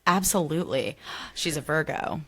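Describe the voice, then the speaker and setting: A woman hosting a podcast in a gushing, animated way, full of fillers like "like". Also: low voice, moderate pace. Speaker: podcast host. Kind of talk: casual podcast chat.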